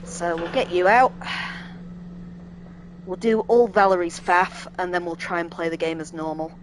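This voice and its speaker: A woman's voice: fairly low pitch, steady tone, normal speed, slight background noise, rough recording. A woman casually commenting while playing a horror game, chatty and self-deprecating, thinking aloud. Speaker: let's play host.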